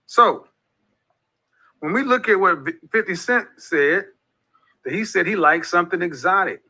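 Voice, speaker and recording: In a low-quality recording, a man in his forties with a high, pushed, bright voice hosts a men's group talk. His casual monologue is emphatic, and he repeats phrases the way a preacher would.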